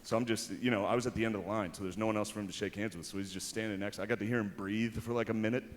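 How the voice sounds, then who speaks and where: A man's voice: on the low side, steady tone, rapid-fire. A man doing a stand-up monologue as an awards show host, delivering dryly and slipping into exaggerated impressions on a large arena stage. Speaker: comedian hosting an awards show.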